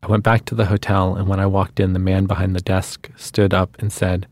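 Deep-voiced man reading fiction. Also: flat delivery, a little fast, a little mellow, no echo, studio quality. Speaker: guest reader.

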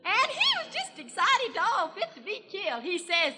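A woman's voice: very high voice, huge pitch swings, moderate pace, bright, forceful tone, full character voice. A woman playing a chatty small-town country gossip gal in a 1940s radio comedy monologue, with a rural Southern accent and a folksy, gushing manner. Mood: gossipy. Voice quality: folksy, gushing, breathless storytelling. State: has a cold. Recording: reverberant 1940s radio broadcast from a hall.

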